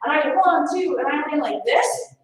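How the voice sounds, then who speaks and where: A woman's voice: high voice, a little fast. A young woman teaching an online martial arts class from her home training space, chatty and playful, laughing often. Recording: very echoey room.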